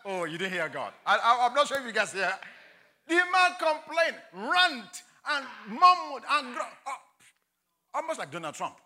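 A man's voice: very high voice, big pitch swings, unhurried, pushed and bright. A man preaching a sermon with impassioned delivery and accented English, acting out Bible voices as he goes. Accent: non-native English. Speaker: pastor.

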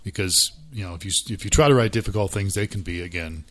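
A man's voice: low-pitched, fast talker, a bit bright. A middle-aged man co-hosting a casual podcast about church life, chatty and self-deprecating. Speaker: podcast co-host.

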